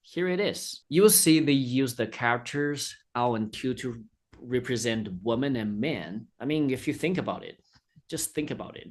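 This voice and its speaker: A man from China teaching a casual online Chinese lesson in a chatty, friendly way, slowing down to say the Chinese words. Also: mid-range voice, expressive.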